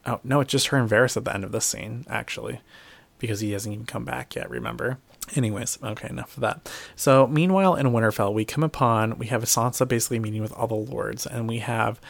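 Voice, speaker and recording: A man's voice: medium pitch, creaky, no room sound. A man recapping a TV episode in casual chat. He swears freely and talks animatedly. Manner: profane, animated, slips into mocking voices.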